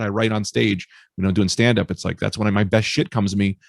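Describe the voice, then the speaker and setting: A male stand-up comedian telling stories in a casual interview, animated and swearing freely. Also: lowish voice, fast talker, vocal fry, hardly any pauses, slightly rough, no room sound, studio quality. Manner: animated storyteller, swears freely, acts out quoted voices. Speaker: stand-up comedian, podcast guest.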